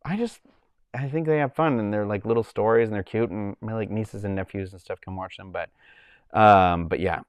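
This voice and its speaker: A man's voice: fairly low pitch, moderate pace, clear, resonant tone, dry recording. A man hosting a casual livestream from home, rambling loosely with lots of likes and ums. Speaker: livestream host. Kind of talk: casual chat.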